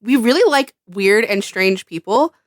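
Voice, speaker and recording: A woman's voice: medium pitch, animated, a little slow, no echo, studio quality. A woman co-hosting a podcast in casual chat, blunt and emphatic, swearing freely. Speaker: podcast co-host.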